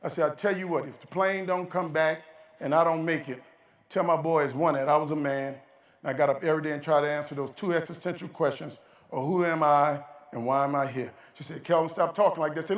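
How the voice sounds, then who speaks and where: A keynote speaker with a fairly high voice and fairly even intonation talks briskly from a distance in a large, echoey conference hall. His motivational speech mixes folksy, emphatic storytelling with acted-out dialogue.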